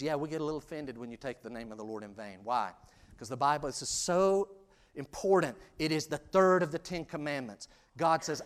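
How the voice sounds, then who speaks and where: A man preaching a sermon in a conversational, self-deprecating way, dropping to hushed asides and rising to loud, emphatic peaks. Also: on the high side. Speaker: pastor.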